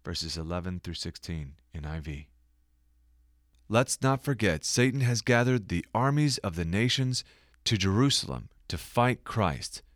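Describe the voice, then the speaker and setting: Man, scripted Bible narration, animated pitch, dry close sound. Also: measured pace, no room sound. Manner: dramatic scripture reading with quieter verse citations. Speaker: Bible teacher.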